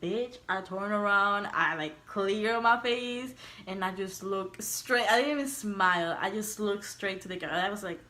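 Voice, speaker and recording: A woman's voice: mid-range voice, normal speed. A young woman vlogger casually telling a personal story, laughing often, swearing freely and acting out what people said. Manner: animated, laughing, swearing, acts out quotes.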